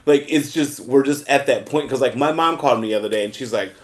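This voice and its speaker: A man co-hosts a casual podcast. His voice is mid-pitched. He tells stories with energy, quoting others' lines and laughing as he goes. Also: fast talker. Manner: animated storytelling, acting out quotes, laughing. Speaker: podcast co-host. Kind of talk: casual chat.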